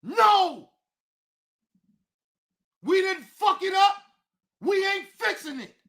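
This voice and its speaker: A woman hosting a livestream, ranting angrily in a profane voice that often breaks into shouting. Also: extremely high pitch, expressive, slow. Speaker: streamer, show host. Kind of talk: livestream rant.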